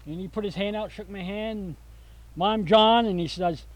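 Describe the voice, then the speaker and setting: An older man chatting outdoors about his garden and land, his voice sitting high for a man. He tells stories in a homespun, rambling way, stopping and restarting often, as if talking to a camera mic on a walk. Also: fairly even intonation, a little mellow, poor audio. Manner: folksy storyteller, halting with fillers. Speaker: vegetable stand owner. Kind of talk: casual chat on a walking tour. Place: outdoors at a rural home.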